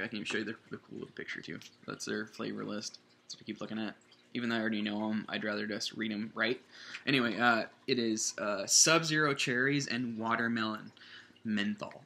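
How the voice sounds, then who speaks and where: A vape juice reviewer rambles casually through his product review in a low male voice with vocal fry that sounds pushed and bright. Chatty and self-correcting, he keeps circling back to his points.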